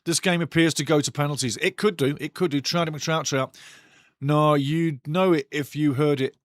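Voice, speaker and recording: A man hosts a live football watch-along, calling the action and chatting with viewers in a casual, foul-mouthed way. His voice sits a little high for a man, and it is recorded close and dry with no room sound. He gets sharply louder whenever the play heats up. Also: normal speed, no echo. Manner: excitable, blunt and foul-mouthed, swearing freely; bursts louder at big chances. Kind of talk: casual live football commentary and chat reading.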